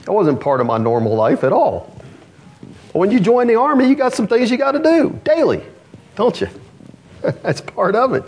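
A man preaching a sermon to his congregation, animated and asking rhetorical questions. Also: high-pitched, normal speed, long pauses. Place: church congregation.

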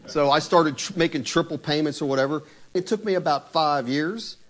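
A married pastor preaches a sermon animatedly, retelling scripture and asking many rhetorical questions. His voice is a little high and his pace moderate.

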